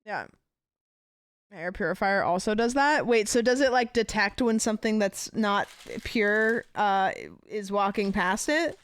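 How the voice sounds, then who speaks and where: A woman's voice: mid-range voice, measured pace, clear, resonant tone. Giggly, rambling woman streamer. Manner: rambling, giggly storytelling with many fillers. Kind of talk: casual chat.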